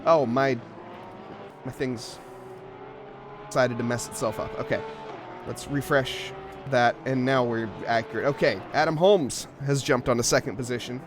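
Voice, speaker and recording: A man's voice: medium pitch, steady tone, a little slow, long pauses, background noise. A man commentating a live sim racing event, joking about himself and laughing often. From English-speaking. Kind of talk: live esports race commentary.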